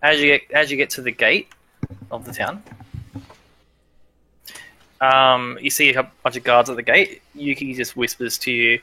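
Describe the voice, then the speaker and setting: Bright-voiced man running a tabletop game. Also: medium pitch, steady tone, normal speed, pauses often. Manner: hesitant, many fillers and restarts. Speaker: game master.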